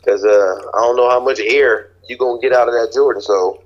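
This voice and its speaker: Deadpan joking man on a phone line. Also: medium pitch, fairly quick, a little hiss or hum. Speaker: guest, the host's cousin. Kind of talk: casual phone chat.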